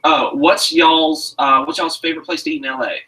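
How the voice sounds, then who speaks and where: A man's voice: a little high, a little fast, far from the mic, poor audio. A man chatting casually on a cooking live stream, reading viewer questions and joking at his own expense. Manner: animated, laughs at himself, slips into voices.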